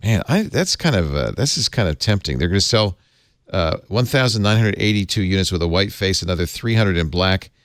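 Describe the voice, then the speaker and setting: Low-voiced man hosting a tech chat. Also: lively intonation, brisk, a bit bright, no echo, clean studio sound. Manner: hesitant, many fillers. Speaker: host.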